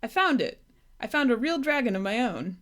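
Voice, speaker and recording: Moomintroll, as a woman reads him, eager and high. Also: unhurried. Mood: excited. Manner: eager, breathless, doting. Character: excitable young male troll creature. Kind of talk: storybook read-aloud.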